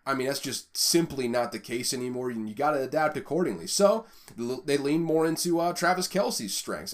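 Male podcast host, solo sports analysis, energetic and rambling, mid-range voice. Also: medium pitch. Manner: energetic, rambling, fillers and stumbles.

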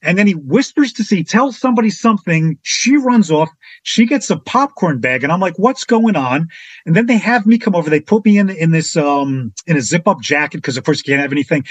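A husky, fairly high-voiced man tells a story in a relaxed, chatty way. He performs other people's lines with sudden leaps in pitch and energy. The sound is close and dry, with no room around it. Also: no echo. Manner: animated, acts out quotes with big pitch jumps. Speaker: podcast guest. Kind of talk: casual storytelling anecdote.

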